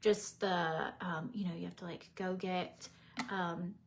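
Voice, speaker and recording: A woman's voice: lowish voice, fairly even intonation, a little slow, gravelly, slight background noise. A woman, chatting casually on a livestream, tired and teary, rambling with many fillers and restarts. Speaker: makeup vlogger.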